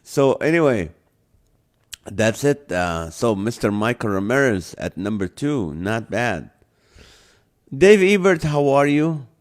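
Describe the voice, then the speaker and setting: A live-stream host with a non-native English accent reads a comedy list aloud and chats with viewers. He jokes around, laughs often and greets people by name. His mid-range voice moves slowly and swings widely in pitch.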